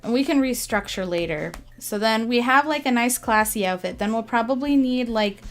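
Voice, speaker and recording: A young woman chatting casually while she draws on a livestream, musing softly and now and then gushing thanks to viewers. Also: fairly high pitch. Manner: soft, musing and slow, bursting into excited gushing thanks. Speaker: artist streaming a drawing session.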